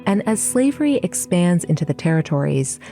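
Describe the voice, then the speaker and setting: Mellow woman narrating a history podcast. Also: on the low side, big pitch swings, faint music behind. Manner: measured storytelling with dramatic pauses. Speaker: podcast host.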